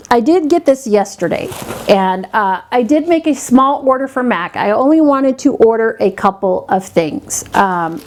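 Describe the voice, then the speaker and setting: Woman beauty vlogger, casual storytime chat, lively storyteller, slightly high pitch. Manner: animated storyteller acting out quoted voices.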